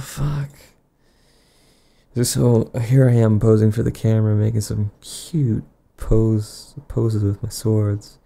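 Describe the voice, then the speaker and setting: A man delivering an improvised, absurd comedy monologue in a rambling, deadpan way, often trailing off and restarting. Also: on the low side, gravelly, breathy edge.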